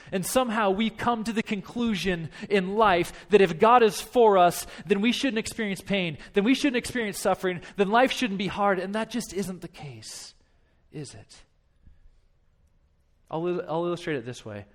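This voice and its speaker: High-voiced man preaching a sermon. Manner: impassioned, repetitive preaching with acted-out dialogue. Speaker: pastor.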